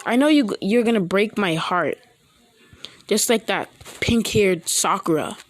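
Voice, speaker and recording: A woman's voice: mid-range voice, measured pace, lightly acted. A woman voicing a guarded young ninja boy who is wary of being hurt, in a plain, wary tone.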